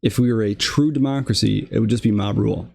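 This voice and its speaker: A man's voice: on the low side, fast, creaky, darkish tone. Exasperated man ranting about politics. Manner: exasperated, ranting, many fillers and restarts. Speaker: political commentary host. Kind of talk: casual political monologue.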